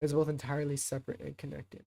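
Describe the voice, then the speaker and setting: A man casually talking on a livestream, rambling and thinking out loud with lots of fillers and restarts. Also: on the high side, monotone, quick pace, vocal fry. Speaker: streamer.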